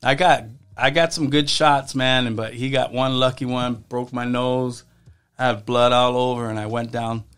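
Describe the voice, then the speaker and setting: A man as a podcast guest, telling stories from his past in a casual, halting way, often restarting his sentences. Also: medium pitch, steady tone, a bit bright, clean tone, soft background music. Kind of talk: casual storytelling.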